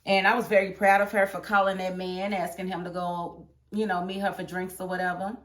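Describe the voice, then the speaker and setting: Sassy animated woman reviewing TV. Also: lowish voice, fairly quick. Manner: animated, sassy, talks back at characters. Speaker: TV episode reviewer. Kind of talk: casual chat.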